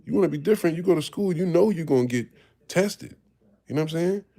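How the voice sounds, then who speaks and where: A man's voice: a little high, expressive, fast talker, creaky, mellow. A man, telling his life story in casual talk, candid and profane, acting out the voices of people he quotes. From Harlem, New York. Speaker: podcast host.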